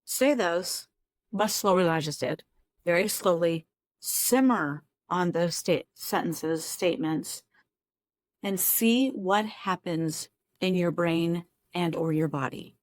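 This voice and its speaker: A woman's voice: fairly low pitch, slow, no echo. A woman therapist explaining a self-esteem technique to camera from her home office, in a conversational way with self-deprecating asides. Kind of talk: casual talk-to-camera teaching.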